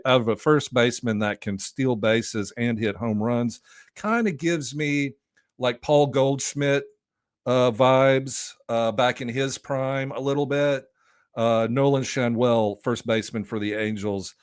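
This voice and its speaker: A man's voice: medium pitch, a little slow, smooth, dry recording, studio quality. A man guesting on a sports podcast, talking loosely and enthusiastically with lots of restarts. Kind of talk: casual podcast chat.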